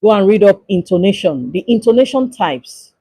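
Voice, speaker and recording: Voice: medium pitch, lively intonation, moderate pace, warm tone, husky, no room sound, low-quality recording. A lecturer giving a livestreamed exam-review lesson, repeating instructions with emphasis. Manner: repetitive, emphatic instructions to students.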